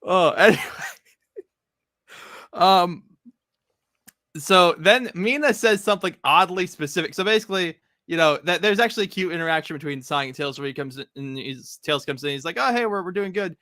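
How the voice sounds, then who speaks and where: Casual podcast co-host, male, bright and slightly high, rambly filler-heavy delivery. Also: lively intonation, brisk, no echo, clean studio sound. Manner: rambling, many "like" fillers, laughs often. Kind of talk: casual comic recap chat.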